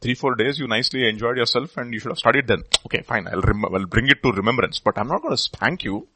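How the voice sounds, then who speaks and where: A man preaching a sermon in an Indian English accent, his delivery lively and swinging widely in pitch. His voice has a bright, forceful edge with a husky grain. He presses his points with emphatic rhetorical questions. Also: fast talker, no room sound, low-quality recording. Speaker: pastor.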